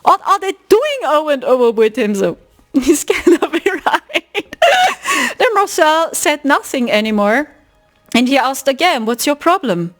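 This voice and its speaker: A woman's voice: high-pitched, unhurried. A woman hosting a spiritual podcast, telling a story in a casual, emphatic way. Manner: animated, emphatic, retelling a story. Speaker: podcast host.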